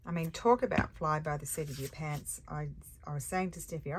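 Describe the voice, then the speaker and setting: Low-voiced and speaking a little fast, a weary older woman with an Australian accent hosts a craft channel, chatting and musing aloud as she works and drifting off topic easily. A slight hiss or hum sits in the audio.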